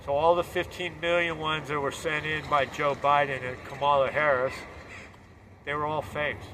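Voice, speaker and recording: A man's voice: a little high, level tone, normal speed, pushed and bright, a little hiss or hum. A man delivering a fervent, preachy political monologue.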